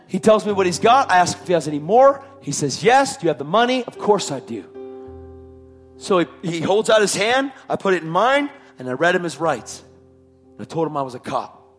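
Soft music plays behind a man recounting his testimony, his high voice very animated and fairly quick. He tells the story with emphasis, circling back to repeat phrases for impact.

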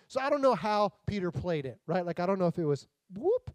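A man's voice: high voice, brisk, few pauses, no echo. A man preaching a casual, jokey sermon, acting out the characters in the stories. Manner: animated, jokey, acts out voices. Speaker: pastor.

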